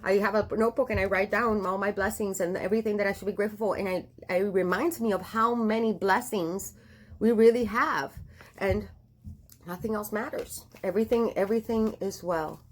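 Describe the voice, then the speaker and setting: A woman's voice: medium pitch, steady tone, a little fast. A woman giving a casual tarot reading, chatty and affectionate, with many fillers and restarts. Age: adult with a daughter. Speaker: tarot reader.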